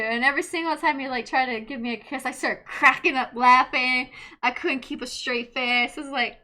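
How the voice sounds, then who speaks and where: A woman in her late twenties, a streamer telling stories in casual chat, animated, laughing often and swearing freely. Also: high voice, normal speed. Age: late 20s.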